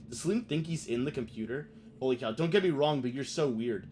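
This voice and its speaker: A man's voice: medium pitch, lively intonation, fairly quick, a little mellow, slight background noise. A man streaming a game, chatting loosely with plenty of swearing as he reacts to what he reads on screen. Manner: loose, profane, reacts aloud while reading. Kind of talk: let's play gaming commentary.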